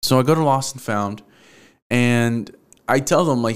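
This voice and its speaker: A man's voice: medium pitch, measured pace, smooth. A young man from Houston hosting a solo podcast, telling a personal story in a casual, profane, emotional way. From Houston, Texas. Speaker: podcast host.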